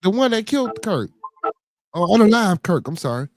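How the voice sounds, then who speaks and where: A man's voice: high voice, sing-song, normal speed, a little mellow, no room sound, soft background music. A man with a Chicago accent hosting a podcast, chatting casually in a rambling, profane way and reading news stories aloud. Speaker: podcast host.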